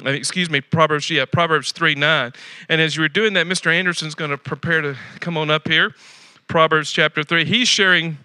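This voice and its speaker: Male pastor, folksy sermon delivery with repeated emphatic phrases; high, very bright tone, dry recording. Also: no room sound. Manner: swings from loud exhortation to quiet asides.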